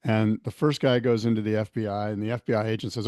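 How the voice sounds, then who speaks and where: A man's voice: fairly low pitch, fast, no echo, studio quality. Man telling a joke on a podcast. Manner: animated joke-telling with quoted voices. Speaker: podcast co-host. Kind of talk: casual chat, telling a joke.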